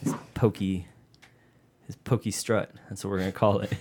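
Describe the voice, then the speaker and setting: A man hosting a podcast in a relaxed, casual chat, his voice a bit low. He jokes, laughs often and swears freely, and he keeps it loose and easy-going throughout. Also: normal speed, husky. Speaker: podcast host. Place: hot indoor room.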